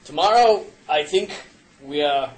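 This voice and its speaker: A man's voice: on the high side, lively intonation, a little slow, poor audio. A man playing a genteel male professor who speaks in formal, old-fashioned phrases. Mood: courtly.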